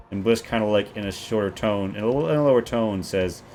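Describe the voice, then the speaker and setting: Low-voiced man running a tabletop game, loose narration, faint music behind. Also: fast, few pauses. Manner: loose, filler-heavy narration. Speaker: game master.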